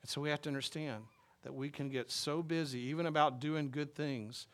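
A man's voice: fairly high pitch, steady tone, a little fast, a bit bright. A man preaching a sermon in a loose, conversational way, full of fillers and restarts. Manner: conversational, rambling, with frequent fillers. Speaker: pastor.

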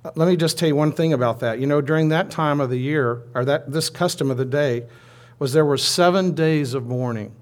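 A man's voice: a little high, fairly quick. A man preaching a sermon, retelling a story in a conversational way with asides.

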